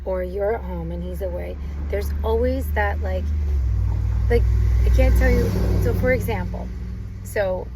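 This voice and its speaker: Mom chatting to other moms bout marriage, animated, keeps restarting, voice jumps up when she gets into it. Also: mid-range voice, slightly rough. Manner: animated, emphatic, many restarts. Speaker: married mother giving advice. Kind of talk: casual advice monologue.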